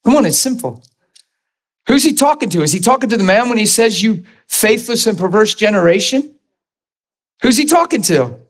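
A middle-aged man, preaching a sermon in a conversational, animated way, with asides to the congregation. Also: extremely high pitch, brisk. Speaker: pastor.

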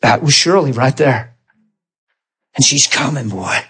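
A man preaching a sermon in a church, telling healing stories in an animated way and often crying out in excitement. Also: mid-range voice, measured pace, slightly rough. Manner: animated, shouts and cries out in excitement. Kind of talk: sermon with testimony storytelling.

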